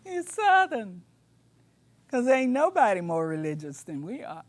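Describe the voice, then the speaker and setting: An older woman lectures in a high voice, taking her time over each phrase. She talks like a preacher, mixing fervent emphasis with casual, colloquial asides. The sound is close and dry, with no room echo. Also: sing-song, unhurried. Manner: preacherly, emphatic, sometimes shouting. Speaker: speaker.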